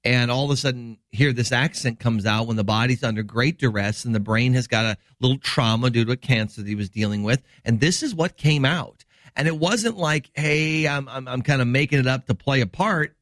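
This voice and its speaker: A man's voice: mid-range voice, fairly quick, a bit bright, no echo, studio quality. A middle-aged man from Wisconsin, a doctor hosting a health show, explaining news in rambling, enthusiastic casual chat.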